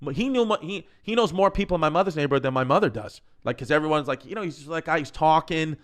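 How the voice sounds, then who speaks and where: New guy riffing stories on a podcast, kinda high voice, swears a lot, cracks himself up. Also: fast. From New York. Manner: animated, profane, laughing. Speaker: comedian telling stories. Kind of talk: podcast storytelling.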